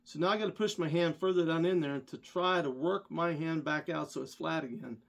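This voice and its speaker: A man vlogger casually telling a rambling story, animated and self-deprecating. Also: a little high, fairly quick, creaky.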